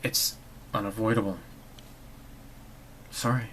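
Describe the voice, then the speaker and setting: A man's voice: fairly low pitch, little pitch movement, takes it slowly, a bit bright, slight background noise, low-quality recording. A man hosting his own channel, delivering a sarcastic, rambling monologue full of restarts. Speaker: channel host. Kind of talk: opinionated monologue vlog.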